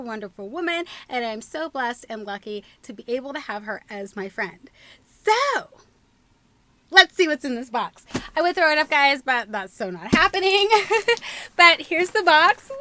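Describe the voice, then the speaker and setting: Bubbly woman doing an unboxing vlog, high voice that swoops all over, squeals a lot. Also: pushed and bright. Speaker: YouTube host.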